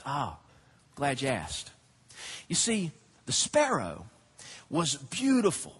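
Preacher guy in church, high bright voice, jumps all over in pitch. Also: a little slow, long pauses, breathy edge. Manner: animated, acts out quoted voices, asks the congregation questions. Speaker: pastor. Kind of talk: sermon. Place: church sanctuary.

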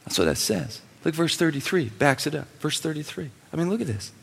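A male pastor preaching a passionate sermon, swinging between quiet intensity and loud emphasis, heard with long hall reverb. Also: mid-range voice, expressive, quick pace, gravelly, few pauses, slightly rough.

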